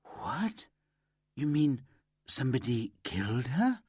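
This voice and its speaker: A man voicing an anxious young office worker with a high, light, slightly camp voice who stammers in shock. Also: sing-song, slow pace, a little mellow, breathy edge, no room sound, clean studio sound, heavily acted. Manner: shaken, stammering, disbelieving. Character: male young man, anxious, eager to please.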